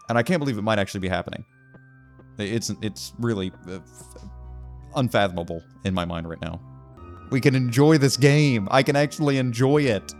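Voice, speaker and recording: A man in the middle of a let's-play, chattering through every step with an excitable, running commentary. His voice sits at an ordinary middle pitch, and soft music plays faintly underneath. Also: fairly quick. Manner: excitable, talks himself through each move. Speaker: gaming video host.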